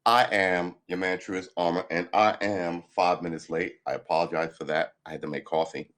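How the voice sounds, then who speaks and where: Hoarse deep-voiced man chatting on a stream. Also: steady tone, moderate pace, fairly bright tone. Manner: chatty, rambling storyteller who laughs at himself. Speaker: live-stream host. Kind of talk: casual morning live-stream chat.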